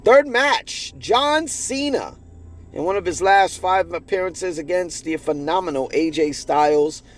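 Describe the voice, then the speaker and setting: A man hosting a podcast, reviewing wrestling results in an excited, swearing, chatty way. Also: high voice, unhurried. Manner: excited, profane, talks to listeners directly. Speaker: podcast host.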